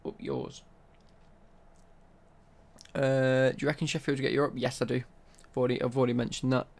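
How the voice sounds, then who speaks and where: A man's voice: mid-range voice, fairly even intonation, a little fast, vocal fry. A young man chatting casually on a live stream while he plays, bantering and answering his chat.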